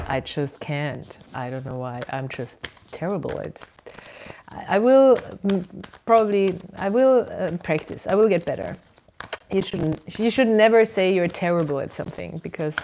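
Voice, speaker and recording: A woman giving a casual tarot reading from indoors at home, musing and unhurried, with frequent ums and soft laughs. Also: lowish voice, a little hiss or hum, poor audio. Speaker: tarot reader.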